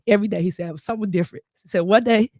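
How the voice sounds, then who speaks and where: A woman's voice: on the low side, rapid-fire, warm tone, no echo, clean studio sound. A woman guest in a casual interview, telling her story with animation and acting out what people said.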